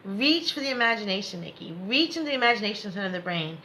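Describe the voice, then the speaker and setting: A woman's voice: medium pitch, animated, fast, pushed and bright, a little hiss or hum, poor audio. A woman spiritual coach leading a live guided meditation lesson, encouraging and reassuring viewers by name.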